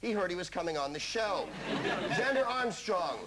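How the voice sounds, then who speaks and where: A man's voice: high-pitched, expressive, moderate pace, over a noisy crowd. A man hosting a comic quiz show, delivering scripted jokes with a wry punchline style. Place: TV studio with a live audience. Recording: broadcast studio with loud audience noise.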